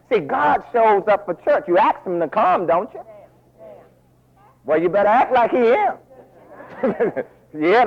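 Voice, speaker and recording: A man preaching a folksy, animated sermon full of asides, recorded as a dull lo-fi radio broadcast. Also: high voice, vocal fry.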